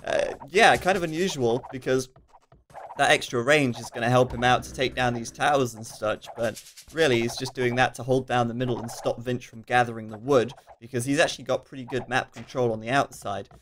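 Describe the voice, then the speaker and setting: A man giving live commentary on a strategy game match in a casual, chatty way, reading out viewer questions and dropping in quick asides with frequent fillers. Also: medium pitch, steady tone, a bit bright, a little hiss or hum. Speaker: esports commentator.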